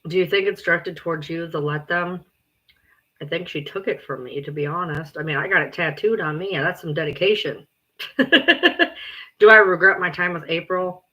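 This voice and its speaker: A woman livestreaming and chatting casually, blunt, exasperated and quick to swear. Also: low voice, fairly bright tone, husky, muffled recording.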